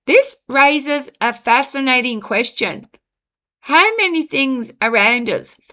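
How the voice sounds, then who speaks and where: Slow, bright-voiced woman musing aloud. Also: high-pitched. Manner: measured, deliberate delivery with frequent pauses. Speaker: channel host reading her own essay. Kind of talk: slow reflective commentary narration.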